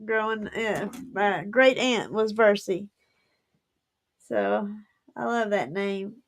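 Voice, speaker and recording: A woman's voice: medium pitch, takes it slowly, gravelly, a little hiss or hum. A woman, hosting a casual livestream and chatting effusively with frequent giggles. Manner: effusive and giggly, laughs often. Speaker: livestream host.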